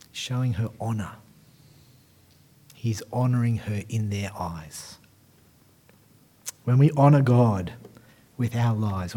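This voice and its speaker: A man's voice: mid-range voice, a little mellow. A man preaching a sermon in short, emphatic, repeated phrases.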